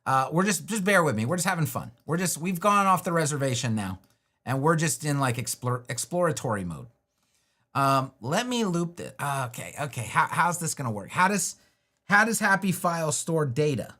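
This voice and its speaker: A man's voice: fairly high pitch, sing-song, normal speed, pushed and bright. Chatty man thinking aloud on a live build. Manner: loose and talkative, self-interrupting, jokes to himself. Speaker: web designer hosting a live build stream.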